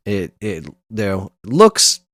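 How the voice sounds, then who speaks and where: A man's voice: lowish voice, lively intonation, moderate pace, no room sound, studio quality. A man co-hosting a podcast, easygoing and joking, often restarting his sentences. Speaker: podcast co-host. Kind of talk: casual chat.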